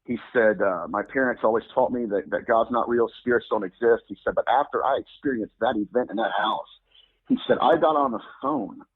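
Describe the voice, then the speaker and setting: A man telling a story as an interview guest, acting out the people in it with sudden jumps in pitch. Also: fairly quick, breathy edge. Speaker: guest demonologist. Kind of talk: animated storytelling. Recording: phone-like lo-fi audio.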